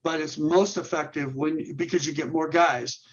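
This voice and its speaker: A man with a fairly high voice, speaking as a guest on a ministry podcast. He walks through his points step by step, stacks up rhetorical questions and trips over repeated words. The audio is dull and lo-fi. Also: fairly even intonation, moderate pace. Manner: earnest, lists steps and rhetorical questions, repeats and restarts words. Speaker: guest, men's ministry leader. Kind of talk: instructional interview talk.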